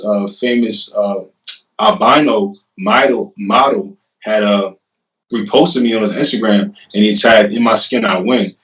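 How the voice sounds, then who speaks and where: A young man in his twenties tells his story as a guest in a loose, laughing, animated way. He sits a little back from the mic. The room adds a noticeable echo. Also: lowish voice. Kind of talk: casual storytelling. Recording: roomy, distant mic.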